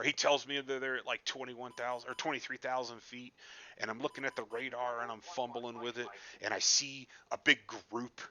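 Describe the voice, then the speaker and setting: Bright-voiced man telling a rambling story. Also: medium pitch. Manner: self-deprecating, rambling, swears freely. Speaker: flight sim gamer recounting a session. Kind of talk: casual storytelling over gameplay.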